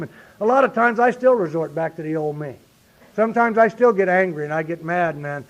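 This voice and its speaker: A middle-aged man speaking earnestly at a recovery meeting, often saying "you see" and building to emphatic points. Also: fairly high pitch. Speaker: speaker sharing his recovery story. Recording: lo-fi 1990s meeting tape.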